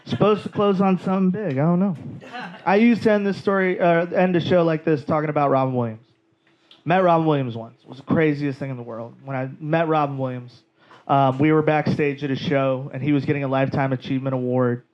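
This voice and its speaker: Brief: male comic, club set, animated rambling storyteller, muffled low-fi audio. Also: fairly quick. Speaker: stand-up comedian. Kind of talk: stand-up storytelling. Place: comedy club stage.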